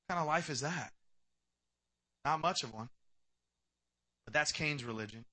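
Bright, animated male preacher. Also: fairly high pitch, a little fast, pauses often. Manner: animated, acts out dialogue, swings from shouting to quiet. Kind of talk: sermon.

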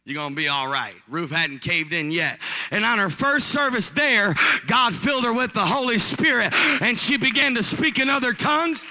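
A male pastor telling a story in a sermon to his church, animated and joking, rising to shouts. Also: very high voice, moderate pace, big-room sound.

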